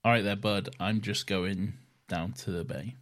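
A man's voice: lowish voice, steady tone, measured pace, fairly bright tone, pitched below the performer's own voice. A man putting on a Welsh accent to play a friendly, casual Welsh bloke heading out. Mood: breezy. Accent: put-on Welsh.

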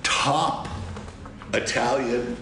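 A man telling an animated anecdote as a film director guest in a casual interview, laughing often. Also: mid-range voice, extremely slow, gravelly, background noise. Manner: animated storyteller who laughs a lot. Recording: roomy with crowd chatter.

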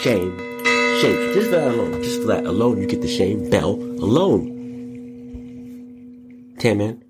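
A man hosting a comedic commentary show, joking and slangy, jumping into high mock voices. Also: sing-song, a little slow, over loud music. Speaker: host.

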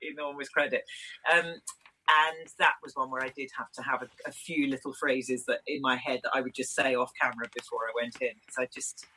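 A woman from Britain talks through her acting work in a relaxed interview, her voice bright and a little husky. She thinks aloud, laughs lightly and restarts her sentences as she goes. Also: rumbling low, a little fast, poor audio. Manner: thoughtful, chatty, laughs often, many restarts. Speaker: actress guest. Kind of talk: conversational interview answers.

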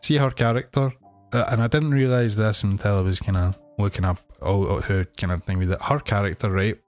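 A man co-hosting a film podcast in casual chat, easygoing and measured with filler pauses. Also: fairly low pitch, fairly even intonation, darkish tone, soft background music. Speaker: podcast co-host.

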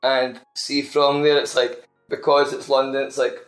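A Scottish man spins a loose, amused story in casual podcast chat, wandering through his point. His mid-pitched voice rings with a noticeable roomy echo. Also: flat delivery, moderate pace, soft background music. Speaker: podcast co-host. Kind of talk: casual chat, anecdote telling.

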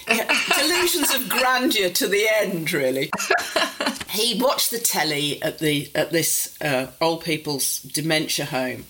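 Wry older English woman, lowish voice. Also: a bit bright, rough recording. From England, near Warrington. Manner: wry, self-mocking, acts out quoted voices. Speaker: interview guest, psychotherapist and author. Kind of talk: casual conversational storytelling.

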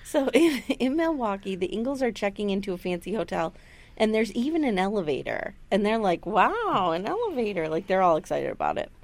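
A woman's voice: medium pitch, lively intonation, brisk, darkish tone. A woman co-hosting a casual chat, recapping a show, who acts out quotes and swears freely. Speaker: podcast co-host recapping a TV episode.

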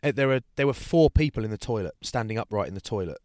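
A fast-talking man with a lowish voice co-hosts a podcast, spinning a story in easygoing chat and lively acting out the people he describes. The studio sound is clean, with no echo.

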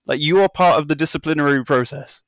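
A man's voice: fairly high pitch, quick pace, no echo, studio quality. A man co-hosting a casual football podcast, talking in an exasperated, rambling, sardonic way. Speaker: podcast co-host.

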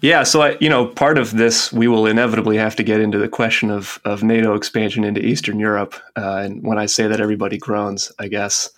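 Thoughtful man, low voice, many fillers. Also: level tone, quick pace, few pauses, a bit bright. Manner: hesitant, thinks aloud with many fillers. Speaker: guest historian. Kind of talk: conversational podcast discussion.

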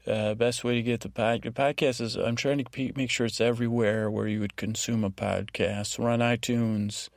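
This male podcast host's slow, rambling bedtime talk has little pitch movement and a low, gravelly fry. Drowsy and soothing, he trips over his words with frequent restarts. The sound is close and dry, with no echo or room around it.

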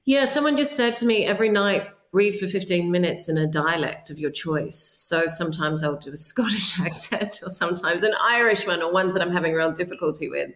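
A low-pitched woman in her forties with a New Zealand accent, talking as an interviewed actor. She gives earnest advice and often restarts her sentences. Her voice carries a roomy echo. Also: a little fast, hardly any pauses, fairly bright tone. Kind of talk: casual interview chat.

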